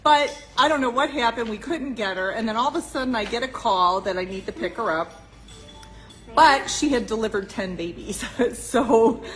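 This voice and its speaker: High-voiced woman cooing at dogs. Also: rough recording. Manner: laughs often, coos at the dogs. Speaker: dog rescue worker. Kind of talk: live walkthrough of rescue kennels. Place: indoor dog kennel.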